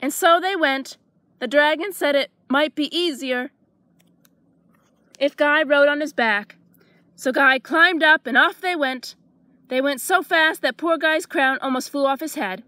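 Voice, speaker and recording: Bright-voiced woman reading a storybook. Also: sits high, a little slow, no echo. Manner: lively, expressive narration.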